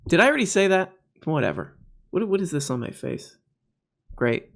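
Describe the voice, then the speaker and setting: A man's voice: on the high side, sing-song, moderate pace, vocal fry. A man hosting a reaction commentary, mocking the clips he plays with sarcasm and frequent laughter. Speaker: commentary host.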